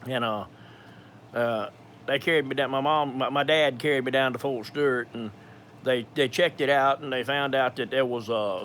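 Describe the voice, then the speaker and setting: During a live question-and-answer session, a ministry speaker in his fifties with a thick Georgia Southern accent talks in a folksy, rambling way, full of fillers and restarts. His medium-pitched voice is a bit bright, with slight background noise.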